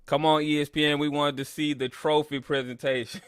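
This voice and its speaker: His voice is fairly high, clear and resonant, brisk, with little pitch movement, captured in a dry, studio-quality recording. He hosts a live sports listen-along stream as casual fan commentary, trash-talking rivals boastfully, then ranting at the broadcaster while addressing his chat directly.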